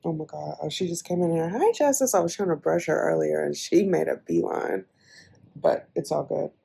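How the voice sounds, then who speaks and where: Chatty woman with a gravelly low voice. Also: moderate pace. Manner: chatty, animated storytelling. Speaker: vlogger. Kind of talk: casual vlog chat.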